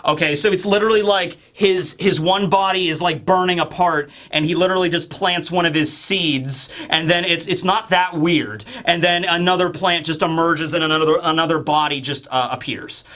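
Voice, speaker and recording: A man reviewing a manga chapter in casual chat, animated and acting out the characters. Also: a little high, moderate pace, hardly any pauses.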